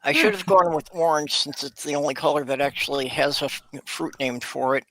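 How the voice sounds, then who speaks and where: A man guesting on a casual podcast, calm and musing. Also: on the high side, brisk, crowd noise, poor audio.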